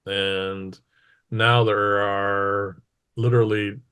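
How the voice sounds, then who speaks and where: A man running a tabletop role-playing game as game master, narrating casually with halting pauses and fillers. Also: on the low side, level tone, bright, forceful tone, clean tone.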